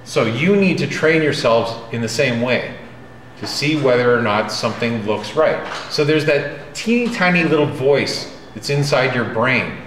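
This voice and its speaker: A man's voice: medium pitch, a bit bright, a little hiss or hum. A man teaching a drawing class, direct and emphatic, often checking in with his students. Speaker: drawing instructor. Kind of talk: classroom lecture. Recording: roomy classroom with faint ambience.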